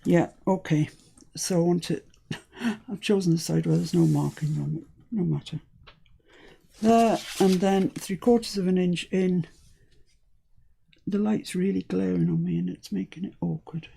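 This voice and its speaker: Female craft host from the UK, lower register with vocal fry, chatty play-by-play of her work. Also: measured pace, mellow. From United Kingdom. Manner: chatty, talks herself through each step. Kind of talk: live crafting demonstration.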